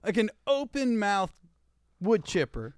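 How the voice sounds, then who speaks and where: A man's voice: high voice, sing-song, measured pace, smooth, no echo, clean studio sound. A young man co-hosting a podcast, telling a long crude story in a rambling, laughing way. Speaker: podcast co-host. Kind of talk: casual chat.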